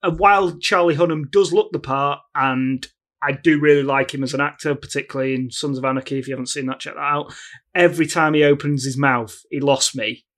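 Podcast co-host with a wry, dry wit and a slightly high voice, casual film review. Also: male voice, fairly even intonation, brisk, a bit bright. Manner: wry, dry humour, frequent restarts.

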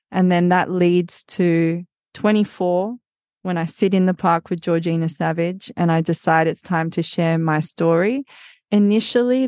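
A woman's voice: on the low side, a little mellow, dry recording, studio quality. A woman, a podcast guest, telling her personal story candidly and intensely, swearing freely. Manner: intense, swears freely, acts out quoted people.

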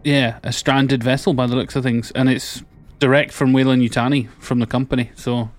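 Relaxed man playing a tabletop game. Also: mid-range voice, normal speed, no echo. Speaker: player. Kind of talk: casual in-character banter.

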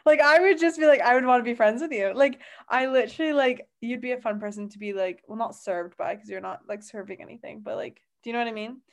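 A woman's voice: on the high side, fast, few pauses. A young woman co-hosting a podcast, rambling in casual chat with many fillers and apologies. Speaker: podcast co-host.

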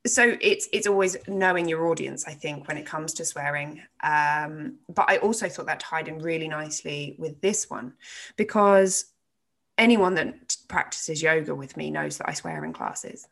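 A chatty woman co-hosting a casual talk show, her voice sitting a little low. She teaches yoga and swears freely in a joking way, laughing often. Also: normal speed, vocal fry, a bit bright. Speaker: podcast co-host, yoga teacher. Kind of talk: casual chat.

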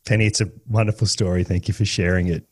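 A man's voice: deep voice, fairly even intonation, quick pace. A man hosting an interview who asks appreciative questions. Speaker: interviewer, host.

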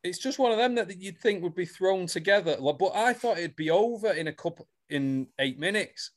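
A man's voice: sits high, expressive, brisk. A man on a casual chat podcast, animatedly retelling a soap storyline and swearing freely. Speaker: podcast co-host.

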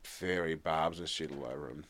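A man's voice: a bass voice, normal speed, a bit bright. A middle-aged man co-hosting a podcast in casual chat, joking and teasing. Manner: joking, teasing, laughs often. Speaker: podcast co-host. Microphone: studio microphone.

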